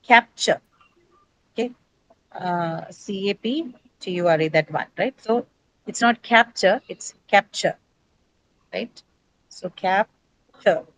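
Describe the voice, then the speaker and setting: A woman's voice: mid-range voice, a little hiss or hum, rough recording. A woman teaching English pronunciation in an online class, explaining patiently step by step and checking in with tag questions.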